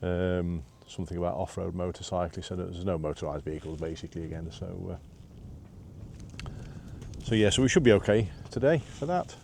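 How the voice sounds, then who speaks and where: With a gravelly, darkish low voice at a moderate pace, a man vlogs as he walks up a breezy hillside, a little hiss or hum in the audio. He's out of breath from climbing and chats in a rambling, self-deprecating way, using many "uh" fillers.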